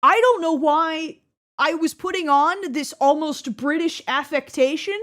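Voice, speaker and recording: A woman in her twenties talks in a high, light voice. She looks back on her early gaming videos in a loose, casual way. Her speech is full of fillers and quick asides that poke fun at herself. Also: a bit bright. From Texas. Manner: chatty, many fillers and quick self-mocking asides. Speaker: gaming creator. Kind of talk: casual reflective chat.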